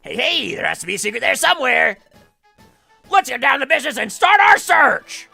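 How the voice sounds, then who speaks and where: Man doing a gravelly, pushy crab guy, swinging pitch. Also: sing-song, brisk, bright, forceful tone, soft background music, heavily acted. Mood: eager. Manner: brash, eager. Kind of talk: voicing game dialogue.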